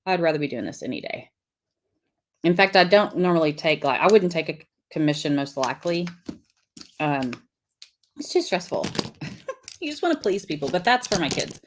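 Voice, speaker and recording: A woman's voice: lowish voice, big pitch swings, moderate pace, pauses often, slight background noise. A middle-aged woman, hosting a live lettering class, chatting casually and reading viewer comments while she draws. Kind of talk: live-streamed craft lesson.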